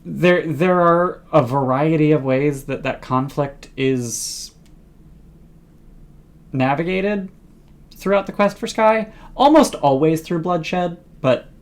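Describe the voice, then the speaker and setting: Casting note: woman running a tabletop game, slow and unhurried, stops and restarts mid-thought. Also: very deep voice. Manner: halting, with many fillers and restarts. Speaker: game master.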